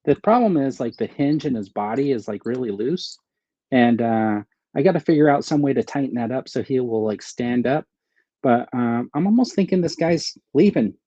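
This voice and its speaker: A man's voice: mid-range voice, expressive, normal speed, mellow, no echo, lo-fi sound. A man hosting a casual live stream, rambling, thinking aloud and answering viewers' chat comments. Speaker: host of a live stream about his action figure collection.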